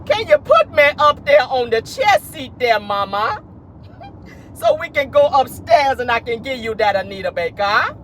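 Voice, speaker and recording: A man plays a frail old man with dentures who sweet-talks slowly and lovingly. The voice swings widely in pitch and dips a little below the performer's own. He drawls every request like an old-fashioned suitor. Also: very animated, a bit bright, a little hiss or hum, full character voice. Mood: wheedling. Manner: slow, doddering sweet talk.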